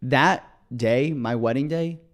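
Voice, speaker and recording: A man co-hosting a podcast, telling a long story in an excited, rambling way, with many restarts. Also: medium pitch, slow. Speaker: podcast co-host. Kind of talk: casual storytelling chat.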